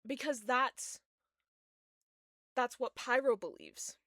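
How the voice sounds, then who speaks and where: Young woman streamer, fairly high voice, slow emotional chat while drawing, dry close sound. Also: expressive, fairly bright tone, no echo. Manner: emotional, gushing, swings from groans to squeals. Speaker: streamer drawing fan art.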